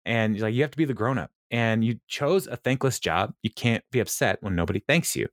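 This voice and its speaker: A man's voice: mid-range voice, expressive, fairly quick, no room sound, studio quality. A man co-hosting a podcast, retelling a show's scenes in a rambling way, quoting characters, with many fillers. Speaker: podcast co-host. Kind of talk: casual episode recap.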